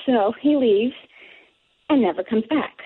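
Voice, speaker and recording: Excited woman caller on a tinny phone line. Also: on the high side, unhurried, slightly rough. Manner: excited, breathless storytelling with gasps. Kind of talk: call-in radio storytelling.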